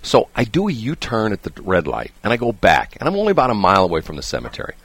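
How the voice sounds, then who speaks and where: A middle-aged man hosting a talk show, telling a long story in a casual, animated way, often restarting his sentences and checking in with "okay?". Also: fairly low pitch, fast, breathy edge, no echo. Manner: rambling, animated, frequent restarts and "okay?" asides. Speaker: radio show host.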